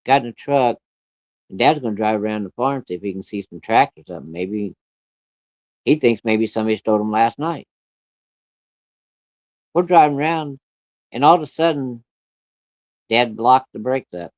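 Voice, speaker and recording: A man telling a true story in a folksy, rough-spoken way, chuckling as he goes. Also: mid-range voice, animated, normal speed, pauses often, no room sound, dull audio.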